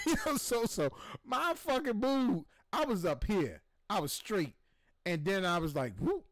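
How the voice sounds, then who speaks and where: A man hosting a gaming stream who tells a rambling, profane story with excitement and acts out the voices in it. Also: high voice, unhurried, no echo. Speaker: show host.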